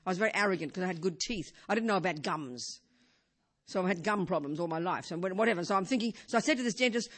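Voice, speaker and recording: An older woman teaching as a Buddhist teacher in an informal talk. She speaks conversationally, with frequent "you know" and rhetorical questions, and swings between emphatic and hushed delivery. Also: fairly low pitch, lively intonation, fairly quick, breathy edge.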